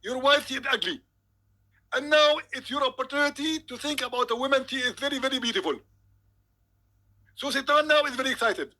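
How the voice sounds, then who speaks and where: A man's voice: very high voice, a little fast, long pauses, sharp tone, voice pushed up, exaggerated voice. A man voicing a smug, insistent male preacher on a call, talking emphatically and pompously. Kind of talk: comedic impression.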